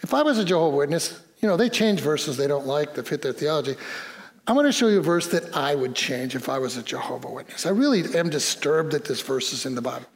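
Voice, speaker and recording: A male pastor preaching a sermon, telling a story with quoted dialogue and a playful, lively delivery. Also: fairly high pitch, fast. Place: church.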